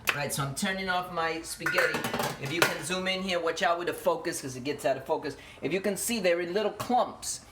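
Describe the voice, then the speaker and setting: A man's voice: a little high, a little fast, a bit bright, a little hiss or hum. A man, a teacher, giving a chatty, playful cooking demonstration to his students in a home kitchen, talking to the camera a helper holds. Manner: playful, chatty, speaks straight to the kids. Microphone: camera held by a cameraman.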